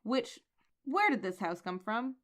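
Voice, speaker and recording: A woman co-hosting a comics podcast, calm and even-handed, raising quizzical questions. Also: on the high side, a little slow. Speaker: podcast co-host. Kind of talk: casual comics recap chat.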